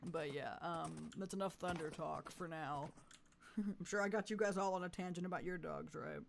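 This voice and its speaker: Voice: medium pitch, normal speed, gravelly, slight background noise. A live-streamer chatting casually and rambling, with lots of fillers and frequent laughs. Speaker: livestreamer.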